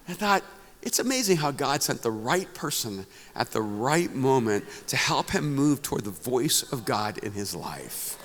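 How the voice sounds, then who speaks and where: Middle-aged male pastor, mid-pitched voice, animated storytelling sermon, long hall reverb. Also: a little slow. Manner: animated storyteller, laughing at his own anecdote. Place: conference hall.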